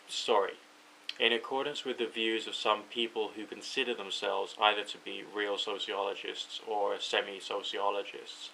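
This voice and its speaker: A man's voice: fairly low pitch, sharp tone, a little hiss or hum, rough recording. A British man speaking his thoughts aloud to camera late at night, overtired and rambling, correcting himself as he goes. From United Kingdom. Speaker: vlogger. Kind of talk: late-night thinking out loud.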